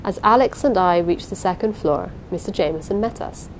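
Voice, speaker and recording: A woman's voice: on the low side, a little fast, a little hiss or hum, rough recording. A woman narrating a first-person story aloud, reading in a dramatic, suspenseful way. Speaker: audiobook narrator.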